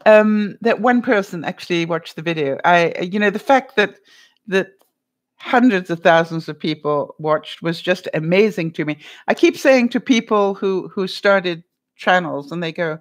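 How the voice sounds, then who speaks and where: A woman's voice: lowish voice, expressive, a little slow. Chatty middle-aged woman vlogger, laughing. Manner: rambling, laughs often, many fillers. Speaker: vlogger hosting a live stream. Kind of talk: casual chat reading viewer comments.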